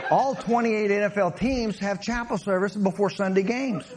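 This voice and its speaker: A man, a former pro football player, telling stories from his playing days as a sermon to a congregation, laughing and shouting his punchlines. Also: high-pitched, lively intonation, moderate pace, hardly any pauses.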